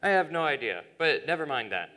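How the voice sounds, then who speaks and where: A teen actor playing a bossy scheming saloon owner. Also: male voice, fairly high pitch, big pitch swings, brisk, sharp tone. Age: teens. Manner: blustering and commanding. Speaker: student actor. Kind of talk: live stage acting. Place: church stage. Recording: long hall reverb.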